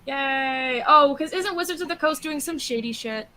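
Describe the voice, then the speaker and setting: Giggly, apologetic woman with a bright voice. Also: high voice, moderate pace. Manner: apologetic, giggly, soft-spoken. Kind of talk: casual chat.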